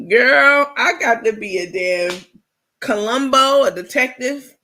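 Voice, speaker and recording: A woman's voice: a little high, sharp tone. A woman hosting a casual late-night livestream, sassy and salty, laughing often and answering viewer comments as she goes. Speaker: livestream host.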